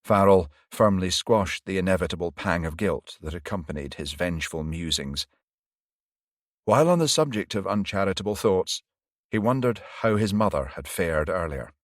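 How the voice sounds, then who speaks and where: A man narrating an audiobook in an even, measured reading style. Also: deep voice, no room sound, clean studio sound. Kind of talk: scripted narration.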